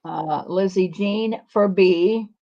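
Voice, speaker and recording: A woman's voice: mid-range voice, slow pace, dark tone, lo-fi sound. A woman co-hosting a live sales show, homely and folksy, reading out buyers' names and assigning their orders. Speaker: co-host taking buyers' orders.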